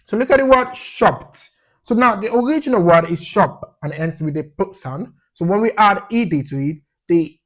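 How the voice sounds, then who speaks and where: A man teaching an English pronunciation lesson, repeating sounds as drills and checking in with a questioning "yeah?" after each point. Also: on the high side.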